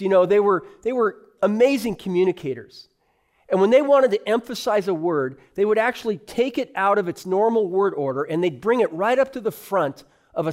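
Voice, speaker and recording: Pastor, male, higher-than-usual voice, earnest sermon delivery with slow emphatic phrases.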